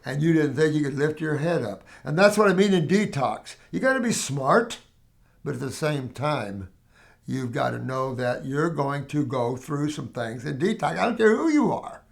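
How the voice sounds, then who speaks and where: Older male host, higher register, casual rambling storyteller. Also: moderate pace, gravelly. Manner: rambling, animated storytelling with restarts and acted quotes. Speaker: herbal health show host answering questions. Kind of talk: casual Q&A talk.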